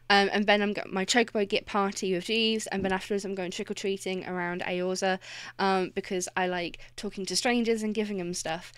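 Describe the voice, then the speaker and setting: A woman's voice: medium pitch, smooth, no room sound. A woman streamer chatting casually and rambling, easily distracted, swearing freely and greeting chat between laughs.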